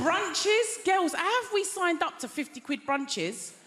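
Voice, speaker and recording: A woman's voice: extremely high pitch, animated, takes it slowly. An English woman in her thirties doing stand-up comedy in a chatty, confiding way, full of tag questions. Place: large theatre stage. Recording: echoey theatre with loud crowd noise.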